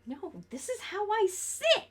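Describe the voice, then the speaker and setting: With an extremely high-pitched voice full of huge pitch swings, a young woman speaks slowly while streaming a game. Her casual chat rambles, mixes sarcasm and profanity, and is punctuated by frequent laughs.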